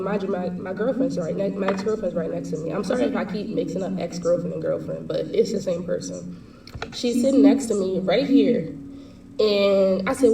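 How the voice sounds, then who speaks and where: Young woman vlogger, storytime monologue, mellow tone, echoey room, mic set back. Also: medium pitch, creaky, recorded from a distance, slight background noise. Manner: heated, fast slangy retelling.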